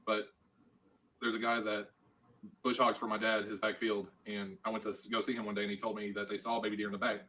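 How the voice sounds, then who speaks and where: Man, low, monotone, bright edge, reluctant halting storyteller. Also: low-quality recording. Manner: halting, stammering, subdued.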